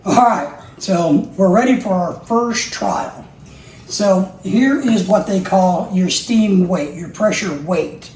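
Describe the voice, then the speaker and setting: This middle-aged vlog host has a high, slightly mellow voice and takes his time as he demos a kitchen gadget in a casual how-to. He pokes fun at himself and thinks out loud mid-task, amid kitchen echo, clattering dishes, and a faint hiss or hum.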